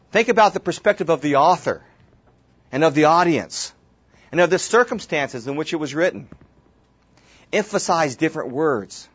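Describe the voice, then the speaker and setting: A man teaching a Bible study class, talking casually and restarting words as he goes. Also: a little high. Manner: repeats words as he restarts, casual asides to the group. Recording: dull lo-fi room recording.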